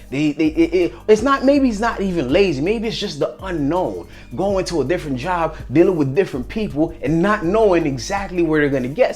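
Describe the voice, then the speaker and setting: A man giving a casual motivational talk, acting out little stories and characters. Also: sits high. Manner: animated storyteller, acts out characters, repeats phrases. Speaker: motivational vlogger.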